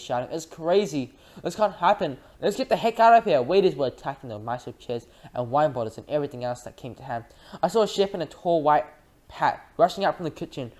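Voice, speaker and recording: Reading a children's book aloud at medium pitch, a narrator delivers it in a lively way, often slipping and starting over.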